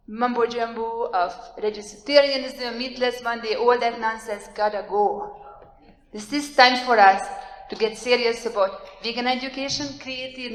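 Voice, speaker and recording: Woman, strong foreign accent, animated conference speaker, slightly high; echoey hall. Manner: animated, plain-spoken, urging. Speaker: workshop speaker. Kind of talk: conference talk. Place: lecture hall.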